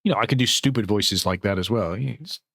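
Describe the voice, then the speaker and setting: A man's voice: lowish voice, a little fast, vocal fry, a bit bright, no room sound, studio quality. A man, hosting his new channel in rambling, sweary casual chat from home.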